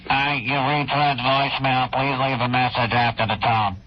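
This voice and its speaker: Man doing a flat voicemail greeting. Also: mid-range voice, normal speed, close to an everyday voice. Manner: flat, repetitive recorded greeting. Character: recorded voicemail greeting machine. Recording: dull radio sound with faint noise.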